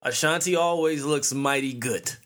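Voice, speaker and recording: A man's voice: medium pitch, moderate pace, fairly bright tone. A man in his thirties hosting a podcast, ranting casually in a profane, slangy storytelling way. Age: 30s. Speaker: podcast host.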